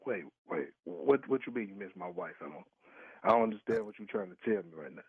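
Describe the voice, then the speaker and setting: A man's voice: lowish voice, animated, fast talker, creaky, husky, dry recording. A man on a phone call, blunt and profane, firing the same questions again and again. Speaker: prank call target. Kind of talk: heated phone conversation. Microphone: telephone. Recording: tinny phone line.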